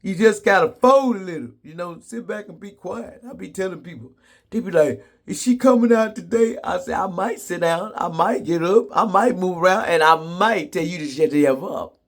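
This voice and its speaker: A man's voice: high voice, moderate pace. A man telling comedic stories to the camera in a sassy, blunt way, laughing often. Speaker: vlogger. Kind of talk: casual comedic storytelling.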